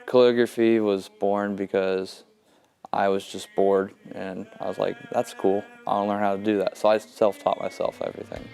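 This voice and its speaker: Teen boy student, low gravelly voice, easygoing. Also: little pitch movement, normal speed, warm tone, soft background music. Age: teens. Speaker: high school student. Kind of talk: casual profile interview.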